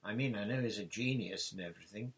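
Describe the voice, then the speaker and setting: Brief: wry teenage wizard boy, read by a man, quiet and cheeky. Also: lowish voice, quick pace, husky.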